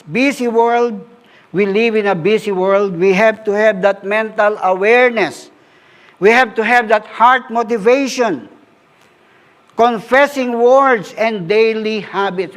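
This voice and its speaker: Slow, high-voiced Filipino preacher. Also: male voice, fairly bright tone. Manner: unhurried, repeats words as he speaks, switches into Tagalog; sings short worship lines while preaching. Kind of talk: sermon.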